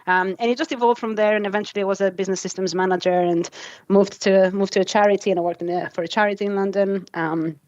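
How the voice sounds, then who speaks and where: A woman's voice: medium pitch, steady tone, fast talker, a little mellow, dry recording, muffled recording. A woman around forty from Greece with a Greek accent, a guest telling her story in casual chat with many ums.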